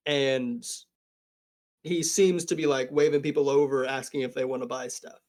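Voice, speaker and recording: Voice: mid-range voice, fairly even intonation, moderate pace, darkish tone. A game master narrating a tabletop game, improvising with frequent fillers.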